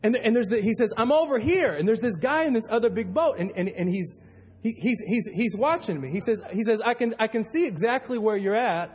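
A male pastor preaching a sermon, telling a story with animated delivery and acting out panicked quotes. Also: high voice, brisk, slight background noise. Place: church auditorium. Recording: long hall reverb.

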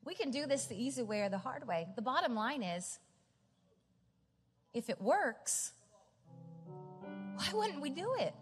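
Middle-aged woman pastor, high voice, conversational storytelling sermon in a reverberant hall. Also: big pitch swings, a little slow, long pauses. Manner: storytelling, chatty asides, rising to emphatic. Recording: large hall with reverb, faint music.

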